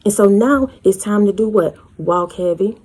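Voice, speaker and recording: A woman's voice: mid-range voice, moderate pace, a little mellow, husky. A woman preaching a fervent prophetic sermon, acting out voices from scripture. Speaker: online preacher.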